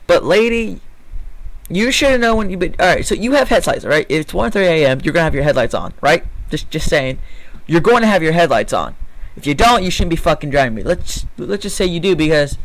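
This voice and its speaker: A man's voice: a little high, a bit bright, rough recording. A man reading a news story aloud and then ranting about it, angry and profane, stumbling and correcting himself as he goes. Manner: rambling with restarts and self-corrections. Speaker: vlogger.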